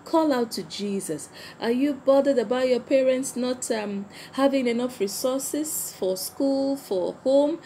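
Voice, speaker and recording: A woman's voice: high-pitched, measured pace, hardly any pauses, warm tone, slight background noise. A woman giving a Sunday school lesson to children in an emphatic way, repeating key phrases and putting questions to her listeners.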